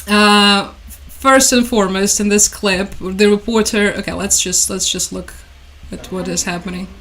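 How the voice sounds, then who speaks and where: A woman's voice: mid-range voice, fairly even intonation, measured pace, fairly bright tone. A woman from Ukraine, giving chatty, sarcastic news commentary on a vlog. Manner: chatty, sarcastic, laughs often.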